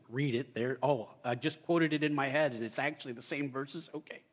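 A young adult male pastor giving a sermon, telling stories with loud excited bursts and quiet asides. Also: medium pitch, a little fast, few pauses.

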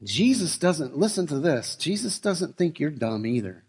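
A middle-aged man preaching a sermon, shifting from relaxed storytelling to slow, emphatic declarations. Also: a little high, breathy edge. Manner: conversational storytelling that builds to emphatic, slowed declarations. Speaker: pastor.

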